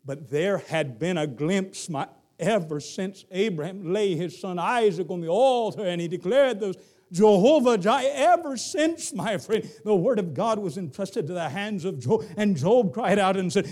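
A middle-aged man with a Southern accent preaching a sermon, moving from hushed lines to shouted ones. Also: high voice, animated, normal speed. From Southern United States. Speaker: pastor.

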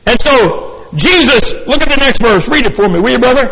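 An older man preaching a sermon, animated, acting out the story and chuckling as he goes. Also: very high-pitched, quick pace, hardly any pauses. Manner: animated, acts out scenes, chuckles often. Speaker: pastor. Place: church sanctuary. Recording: reverberant church hall.

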